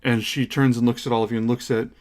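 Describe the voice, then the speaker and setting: Male game master, relaxed storyteller. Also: mid-range voice, quick pace. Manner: relaxed, hesitant with many ums. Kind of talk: narrating a tabletop game over a call.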